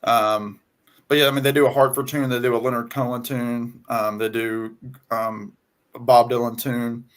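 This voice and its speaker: A man with a Southern US twang talks casually over a video call. He speaks at a middling pitch and stops often to restart his sentences. His talk is loose and full of ums. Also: level tone, clean tone. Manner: halting, many ums and restarts. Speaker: guest on music chat. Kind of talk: casual conversation.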